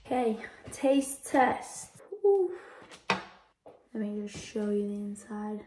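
A woman in her twenties chatting casually to a handheld camera, playful and quick to laugh. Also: mid-range voice, lively intonation, dark tone, breathy edge. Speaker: vlogger and footballer. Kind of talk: casual vlog chat. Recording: noisy handheld vlog audio.

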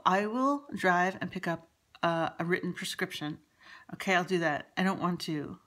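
A woman's voice: fairly low pitch, measured pace, fairly bright tone. A woman telling a rambling personal story, exasperated and swearing, with frequent restarts. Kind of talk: casual personal monologue.

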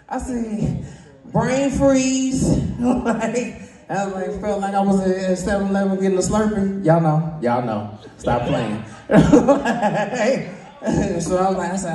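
A man doing a stand-up comedy set, who often laughs at his own jokes and jumps into high voices for the people he quotes. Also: warm tone, far from the mic. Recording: roomy sound from away from the mic.

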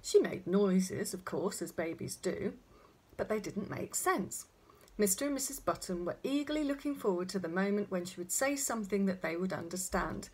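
A woman's voice: mid-range voice, animated, moderate pace, husky. A woman reading a children's story aloud, chatting directly to young listeners.

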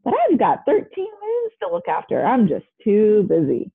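A woman voicing a big, jovial male planet who booms his lines in a storybook. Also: wildly swooping pitch, normal speed, vocal fry, slightly rough, phone-quality sound, exaggerated voice. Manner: booming.

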